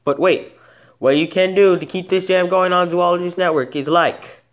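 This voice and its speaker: Rambling man with a higher voice. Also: fairly even intonation, normal speed, dull audio. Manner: rambling, many false starts and self-corrections. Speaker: host of an animal video channel. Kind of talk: casual unscripted animal talk.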